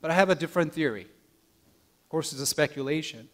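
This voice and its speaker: Man, pastor, sermon, earnest gentle storytelling, slightly high voice, hushed soft endings. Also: fairly quick. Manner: small restarts and repeated words.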